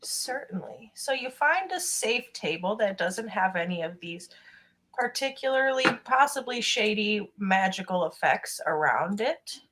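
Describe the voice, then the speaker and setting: A woman narrating a tabletop game in a measured, descriptive way. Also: medium pitch, lively intonation, fairly bright tone. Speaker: game master.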